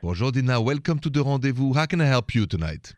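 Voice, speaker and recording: A man's voice: mid-range voice, expressive, fast, darkish tone, no echo. A man with a French accent hosting a radio advice show on love and relationships, taking callers in careful, friendly English.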